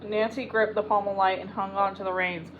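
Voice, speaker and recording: A woman narrating an audiobook in a steady, even reading voice. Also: medium pitch, fairly quick, narrow, tinny audio, slight background noise. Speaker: audiobook reader. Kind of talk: storybook narration.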